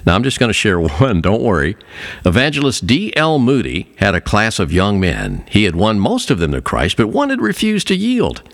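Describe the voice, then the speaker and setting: A man preaching a sermon, earnest, telling a story and slowing down on key phrases. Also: huge pitch swings. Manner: earnest, swings pitch widely for emphasis.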